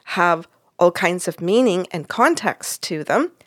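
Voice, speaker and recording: A woman's voice: on the low side, animated, measured pace, fairly bright tone, no room sound, clean studio sound. A woman who works as a psychic medium, telling a story in conversation and acting out the dialogue. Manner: retells events with quoted dialogue.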